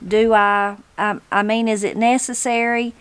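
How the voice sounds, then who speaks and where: A woman's voice: fairly high pitch, level tone, measured pace, fairly bright tone, clean tone, no room sound. A woman with a Southern Appalachian accent voicing a sorrowful, blunt, tall man in his sixties in a storybook reading. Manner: mournful, blunt and terse.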